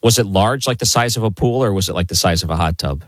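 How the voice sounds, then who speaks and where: A low-voiced man hosts an interview in a dry studio sound. He asks steady, probing questions and recaps the guest's story back to him. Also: fast, no room sound. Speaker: interview host.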